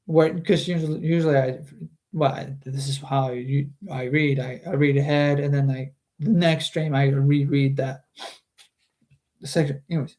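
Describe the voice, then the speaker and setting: On a stream, a man reads a book aloud and chats about the story between passages, often restarting his sentences. His mid-range voice has a dark, level tone at a moderate pace.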